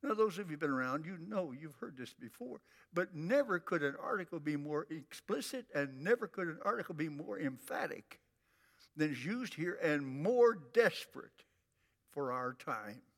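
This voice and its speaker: An older man preaching a sermon in a folksy, emphatic way, drawing out repeated phrases slowly. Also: fairly high pitch, expressive, in a large hall. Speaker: pastor.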